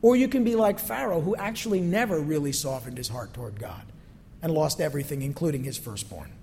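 A man's voice: a little high, expressive, brisk, gravelly, darkish tone. A male pastor giving a conversational sermon that is full of rhetorical questions, recorded in a church sanctuary. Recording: long reverb from a hall.

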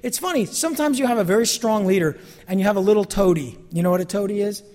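A man's voice: high voice, fast, a little mellow, big-room sound. A pastor delivering a sermon in a church, talking animatedly and acting out the voices of people he quotes.

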